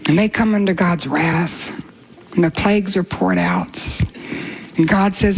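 Woman Bible teacher, sermon delivery, impassioned, swings from lifted scripture reading to hushed whispers. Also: unhurried, a little hiss or hum. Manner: impassioned, rising pitch when reading scripture, drops to soft whispers for emphasis.

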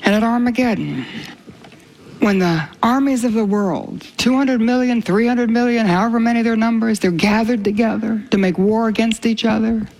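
Woman Bible teacher, sermon delivery, impassioned, swings from lifted scripture reading to hushed whispers. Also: moderate pace. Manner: impassioned, rising pitch when reading scripture, drops to soft whispers for emphasis.

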